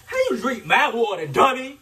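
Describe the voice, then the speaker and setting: Brief: young man, high lively voice, teasing and boastful, recorded off-mic in a noisy room. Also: moderate pace, recorded from a distance. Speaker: vlogger. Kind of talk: casual teasing vlog banter. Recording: roomy sound from off-mic with loud background noise.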